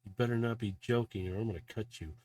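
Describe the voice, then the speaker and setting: A man's voice: lowish voice, fast talker, a little mellow, natural voice. A man voicing an emotional female robot who asks urgent, fierce questions. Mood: threatening.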